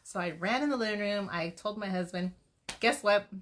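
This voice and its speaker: A middle-aged woman giving an earnest, motivational pep talk to her sales team, telling her story in a lively way and acting out what people said. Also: medium pitch, fairly quick, a little hiss or hum. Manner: earnest, faith-driven encouragement. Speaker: direct-sales team leader.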